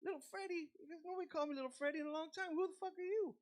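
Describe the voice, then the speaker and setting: A gruff, suspicious old musician, as a storytelling man puts him on, pitched well above the teller's own voice. He talks in a brusque, slangy way and swears freely. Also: big pitch swings, very fast. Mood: hostile. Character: gruff, wary older male musician.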